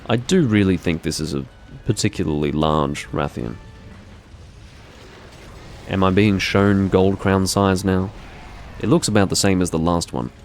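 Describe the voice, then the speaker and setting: A man with a very low, gravelly voice talks through a live game session in a loose, rambling way. He drifts into dry, self-deprecating asides. Faint game music runs quietly underneath. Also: a little slow. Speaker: gaming streamer. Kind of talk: live gameplay commentary.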